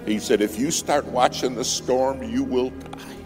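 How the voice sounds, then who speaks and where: A man preaching a sermon as a story, dramatic, rising to loud peaks and dropping to near whispers. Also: mid-range voice, steady tone, unhurried. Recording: music bed under the voice.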